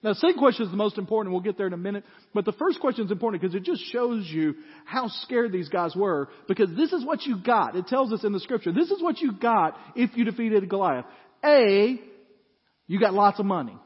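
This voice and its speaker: A man preaching a sermon, telling a story with animated acted-out voices and frequent laughs. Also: high-pitched, brisk, breathy edge. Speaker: pastor. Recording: dull lo-fi audio with long hall reverb.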